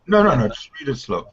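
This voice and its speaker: A man's voice: medium pitch, bright, forceful tone, a little hiss or hum. Challenging male talk show host. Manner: interrupting, challenging, hesitant restarts. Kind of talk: casual talk show debate. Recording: lo-fi stream audio.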